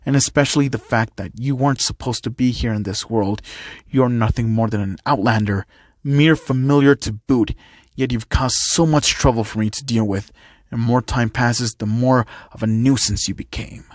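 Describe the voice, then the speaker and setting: A man's voice: mid-range voice, moderate pace, dry recording, lightly acted. A man voicing a sneering masked male villain who mocks his enemy and speaks of revenge, in a dry recording. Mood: taunting. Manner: taunting, mocking.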